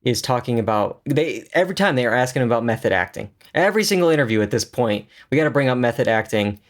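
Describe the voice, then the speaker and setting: Guy on a tv podcast, talking excitedly w lots of ums and restarts, middle-pitched voice. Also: fast. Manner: chatty, enthusiastic, many fillers and restarts. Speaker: podcast co-host. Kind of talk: casual TV review chat.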